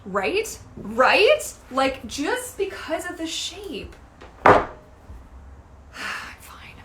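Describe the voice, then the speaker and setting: A woman in her thirties chatting casually as a mermaid vlogger, animated and gushing, swearing casually now and then. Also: sits high, extremely slow, echoey room, a little hiss or hum. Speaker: mermaid vlogger reviewing gear. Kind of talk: casual livestream chat.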